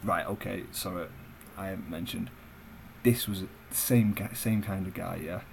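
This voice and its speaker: A man's voice: low voice, normal speed, gravelly, darkish tone, slight background noise, poor audio. A young man tells a story in a blunt, sweary rant for his vlog. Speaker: vlogger.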